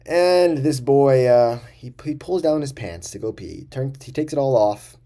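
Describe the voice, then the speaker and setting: A man's voice: mid-range voice, expressive, unhurried, warm tone. A young man telling a rambling, profane story casually to camera as a vlogger.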